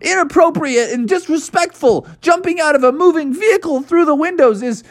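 A fussy school bus driver scolds the kids in a high, shrill tone, as a man puts him on. It is an improvised storybook voice that stays lively. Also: fairly quick. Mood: scolding.

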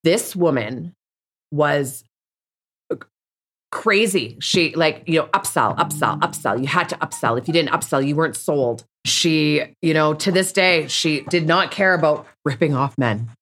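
A woman's voice: low voice, lively intonation, unhurried, fairly bright tone. A woman speaking candidly as an interview guest, bluntly and with frequent restarts. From Canada. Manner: blunt, rambling, many restarts. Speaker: podcast guest.

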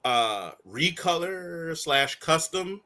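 A man co-hosting a fan talk show in casual chat, animated and rambling, with many restarts and frequent laughs. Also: a little high, slow pace. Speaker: co-host of a call-in fan show.

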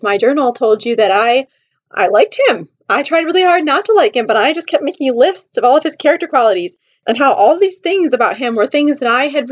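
A woman telling a personal story in casual, animated chat, saying "like" often. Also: high voice, highs cut off. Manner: animated, chatty, says "like" often. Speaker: vlogger.

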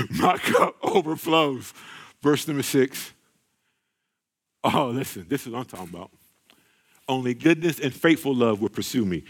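A man's voice: medium pitch, lively intonation, moderate pace, long pauses, slightly rough. A man preaching a sermon, repeating phrases, calling out to the congregation and exclaiming.

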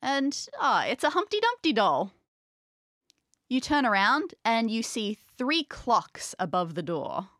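A woman's voice: fairly high pitch, measured pace, dry recording, clean studio sound. Woman narrating as game master. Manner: lively, conversational narration with wry asides. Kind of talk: second-person narration of a tabletop game.

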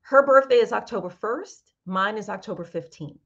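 Woman, sex coach guest, animated storyteller, medium pitch, slightly dull lo-fi sound. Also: moderate pace. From New York (Brooklyn). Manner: animated storyteller, voices other people in her anecdotes. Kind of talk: casual interview chat.

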